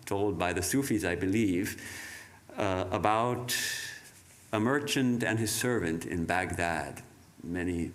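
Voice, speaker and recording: A man giving a reflective sermon, speaking in a measured way with halting restarts. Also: on the low side. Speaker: monk giving a talk.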